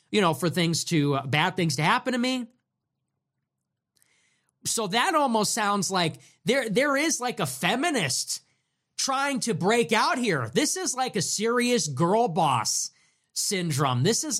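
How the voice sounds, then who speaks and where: A man's voice: high voice, fairly bright tone. A man giving ranting political commentary, sarcastic, profane and mocking.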